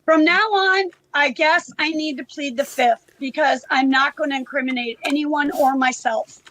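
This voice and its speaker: High-pitched woman speaking loudly and agitated. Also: moderate pace, low-quality recording. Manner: loud, agitated and defensive. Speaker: witness in court.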